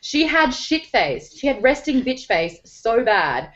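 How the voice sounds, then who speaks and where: A woman's voice: on the high side, big pitch swings, slow pace, a bit bright. Aussie lady host, playful storyteller, mid voice, dull stream audio. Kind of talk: casual chat.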